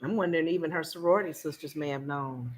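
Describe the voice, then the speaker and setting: Relaxed, chatty woman co-host. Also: low-pitched, quick pace. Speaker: family vlog co-host. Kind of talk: casual chat.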